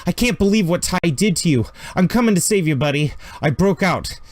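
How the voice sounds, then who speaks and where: A man's voice: lively intonation, a little fast, dry recording. A man doing a frantic young woman on the run. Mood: urgent. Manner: urgent, raised and higher.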